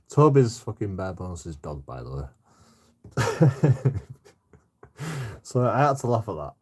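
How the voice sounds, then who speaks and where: Man, drunk, husky, low voice, swearing, casual stream chat. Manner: swears a lot, keeps breaking into laughter. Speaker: livestreamer reading out chat.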